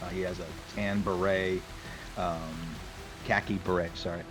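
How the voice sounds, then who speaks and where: A man narrating as game master, talking hesitantly with many pauses. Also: low voice, little pitch movement, rough recording. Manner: hesitant, lots of ums. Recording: music behind the voice.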